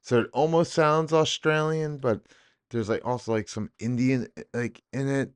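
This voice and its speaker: A man's voice: mid-range voice, fairly even intonation, moderate pace, clear, resonant tone, no room sound, studio quality. A young man hosting a podcast in casual chat, laid-back and profane, laughing often. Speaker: podcast host.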